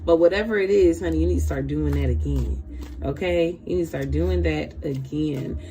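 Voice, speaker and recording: Female tarot reader, gravelly voice, lively slangy delivery with frequent laughs and repeated phrases. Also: deep voice, moderate pace. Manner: animated, slangy, laughs often, repeats herself. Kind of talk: live tarot reading stream.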